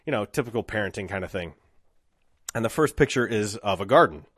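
Male podcast host, 30s, lowish dry close voice, reflective rambling solo monologue. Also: animated, fairly quick, a bit bright, breathy edge, no room sound. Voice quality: dry mouth.

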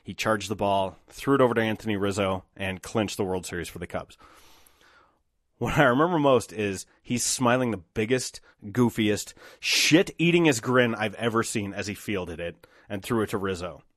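A man hosting a solo podcast, telling stories with animated, emphatic bursts of excitement. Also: on the low side, normal speed, no room sound, clean studio sound. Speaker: podcast host.

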